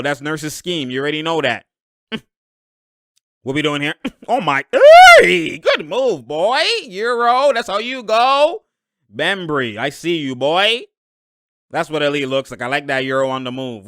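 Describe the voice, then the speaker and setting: A young man giving loud, slangy live reaction commentary on a basketball game, laughing often and breaking into sudden outbursts. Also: on the high side, smooth, no echo, clean studio sound.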